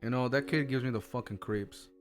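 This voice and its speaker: A man's voice: medium pitch, fairly quick, soft background music, natural voice. A man voicing a grumpy, foul-mouthed adventurer who swears irritably in a tabletop game. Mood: irritated.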